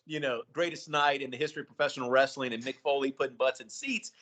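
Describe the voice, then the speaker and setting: A man's voice: medium pitch, fairly even intonation, quick pace, a bit bright. A man co-hosting a wrestling podcast, talking casually and hesitantly, restarting phrases with um and you know. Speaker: podcast co-host.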